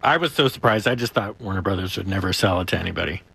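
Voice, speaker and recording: A man's voice: deep voice, animated, quick pace, creaky, sharp tone, breathy edge. A man being interviewed as an actor guest, talking in a chatty way with frequent chuckles and restarts.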